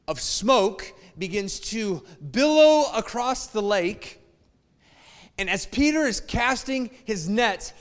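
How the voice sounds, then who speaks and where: A man preaching a sermon in an emphatic, conversational way and often appealing directly to his listeners. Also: high-pitched. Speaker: pastor. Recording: long reverb of a large hall.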